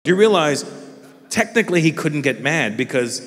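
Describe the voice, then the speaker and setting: A man doing a stand-up routine, telling a story with swearing and acting out other people in squeaky voices. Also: very animated, normal speed, slight background noise. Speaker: stand-up comedian. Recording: live theatre with long reverb.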